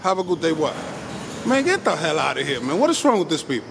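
Loud rapid-fire man with gravel. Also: fairly high pitch, big pitch swings, a crowd in the background. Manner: loud, rapid, insistent, swears often. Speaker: street videographer filming public workers. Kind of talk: confrontational street filming. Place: outdoors on a city street by a post office. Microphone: handheld camera.

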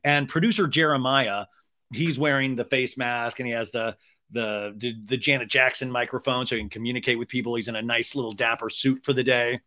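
A man's voice: medium pitch, steady tone, a little fast, bright, forceful tone. A man hosting a podcast, recapping TV in a chatty, joking, profane way. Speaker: podcast host. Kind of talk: casual comedic TV recap.

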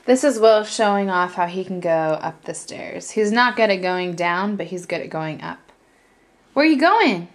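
A young adult woman chatting casually for a home vlog, often soft and hushed, tired and a bit unwell. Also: lowish voice, moderate pace, hardly any pauses. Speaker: mom vlogger. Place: family home, basement playroom.

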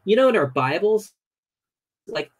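Podcast guest, male, husky, fairly high-pitched, lively chatty storyteller. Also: a little slow, poor audio. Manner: animated retelling, many fillers like "you know". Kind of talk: casual storytelling chat.

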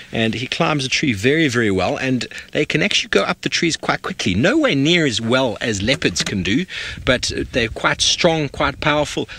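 A man hosting a live wildlife broadcast from a game drive. His voice has a crisp, bright edge, and he narrates in an animated way, often turning to address the audience directly. He sounds like he is outdoors in the bush. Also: mid-range voice, no echo. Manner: animated, speaking to viewers directly. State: out of breath. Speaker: safari guide presenting a live broadcast.

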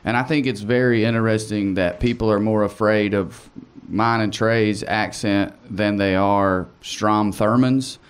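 A man's voice: fairly low pitch, steady tone, unhurried, smooth. A man with an Appalachian accent, a comedian guest talking in a blunt, wry, profane way in a casual interview. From East Tennessee.

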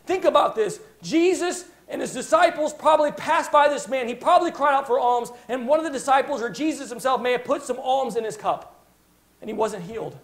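A man's voice: very high voice, lively intonation, a little fast. A male preacher telling a Bible story in a sermon with passionate, dramatic storytelling. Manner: impassioned storytelling, dramatic retelling.

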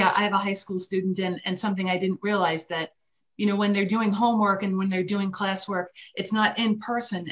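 A woman's voice: medium pitch, fairly bright tone. Sincere woman speaking on a panel. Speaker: state senator. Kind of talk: panel remarks on a video call.

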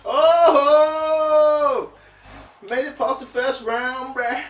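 Excitable gamer yelling reactions. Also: male voice, a little high, moderate pace. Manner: yelps and slangy banter with the officials. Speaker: gamer playing a fighting game. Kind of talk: excitable live gameplay reactions. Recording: echoey room, off-mic, game music.

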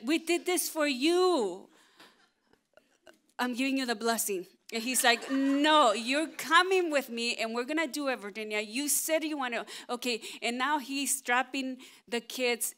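During a sermon, a middle-aged woman pastor tells a funny personal story, animated and self-mocking, restarting many times. Her voice is a little high and smooth.

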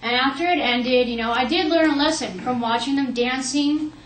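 Young woman, lively storyteller, higher voice, recorded in a roomy space. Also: normal speed, recorded from a distance, slight background noise. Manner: lively, animated retelling with quoted asides. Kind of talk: personal storytelling. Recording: echoey room, faint ambience.

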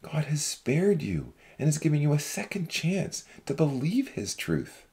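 A woman voicing a gentle, earnest young man who speaks calmly to old friends in a Christian novel reading. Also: low-pitched, a little slow.

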